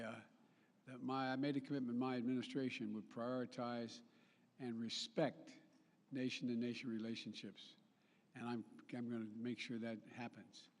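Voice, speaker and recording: A man giving a formal public speech as a national leader, emphatic, with repetitions, restarts and joking asides. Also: mid-range voice. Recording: long reverb.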